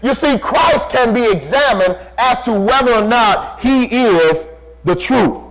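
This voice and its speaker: A male preacher with a strikingly high-pitched voice delivers a sermon. He hammers home key phrases through repetition and slows down, dropping lower, when he quotes scripture. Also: animated, a bit bright, rough recording. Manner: emphatic, repeating key phrases.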